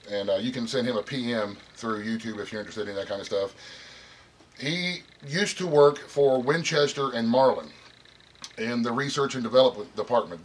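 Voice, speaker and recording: A man's voice: mid-range voice, slight background noise, rough recording. Folksy rambling man vlogging casually. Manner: rambling, folksy, lots of fillers. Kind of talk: casual product review vlog.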